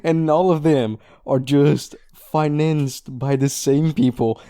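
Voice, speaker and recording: A man on a podcast chats casually, often laughing at what he says. His voice is mid-pitched and warm, recorded dry and close. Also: steady tone, takes it slowly, clear, resonant tone, no echo. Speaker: podcast co-host.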